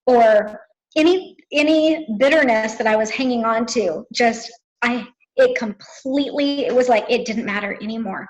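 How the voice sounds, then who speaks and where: A woman's voice: on the high side, moderate pace, poor audio. A woman in her thirties talking earnestly and emotionally with a close friend, often searching for words. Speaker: guest, best friend. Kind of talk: emotional conversation.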